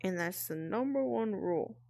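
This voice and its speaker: A woman talking quietly and carefully at home, explaining herself to friends with nervous laughs. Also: mid-range voice, expressive, normal speed. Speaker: vlogger. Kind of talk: casual explainer talk to friends. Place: at home with family nearby.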